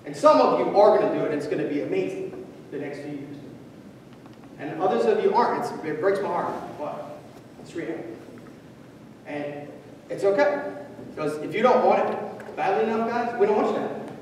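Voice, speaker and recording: A man giving a profane, impassioned motivational speech, swinging from loud to hushed. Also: high voice, animated, moderate pace, pauses often, a little hiss or hum. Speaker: motivational speaker. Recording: echoey hall, voice from far off.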